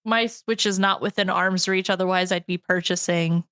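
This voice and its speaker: A woman hosting a podcast, chatting casually and gushing with bubbly excitement. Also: on the low side, moderate pace, clear, resonant tone, no echo, studio quality. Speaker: podcast host. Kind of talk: casual chat.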